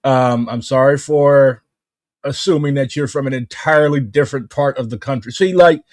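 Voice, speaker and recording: A man's voice: medium pitch, moderate pace, darkish tone. An American man hosting an interview, hesitant and heavy on fillers. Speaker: host. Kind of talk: casual chat.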